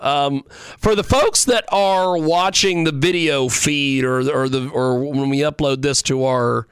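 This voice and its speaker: A man hosting a talk show, stammering and halting as he interviews a guest. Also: mid-range voice, vocal fry, fairly bright tone, clear, resonant tone, dry recording, clean studio sound. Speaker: host.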